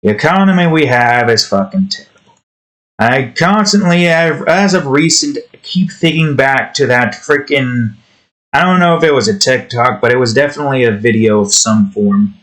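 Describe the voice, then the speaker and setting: While drawing on stream, a weary young New Jersey man rants in a meandering, frustrated way, often starting over. He has a medium-pitched, slightly bright voice with lively intonation and a moderate pace, though the audio is poor.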